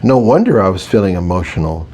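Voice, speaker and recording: A man narrating a fantasy audiobook in the first person, with expressive, playful storytelling. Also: low-pitched, fast talker, slightly rough.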